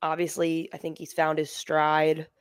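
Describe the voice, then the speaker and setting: Woman, podcast co-host, casual banter, rambling, lower voice, dry recording. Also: completely flat delivery, measured pace, clear, resonant tone, no room sound. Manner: joking, rambling, frequent ums. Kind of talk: casual chat.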